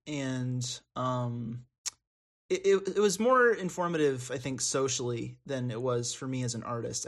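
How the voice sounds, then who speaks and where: A man's voice: medium pitch, a bit bright. A man in his twenties talking in a casual podcast chat, rambling with many fillers and restarts. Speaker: podcast guest.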